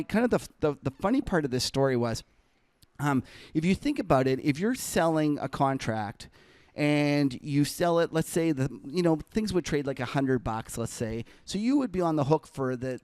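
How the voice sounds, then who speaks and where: A man's voice: on the high side, darkish tone, dry recording. A man telling a long trading anecdote in a casual podcast chat, with many fillers and restarts, acting out other people's lines and laughing as he goes. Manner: rambling anecdote full of fillers and self-corrections; laughs while telling the story. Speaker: trader and podcast co-host. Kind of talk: casual storytelling.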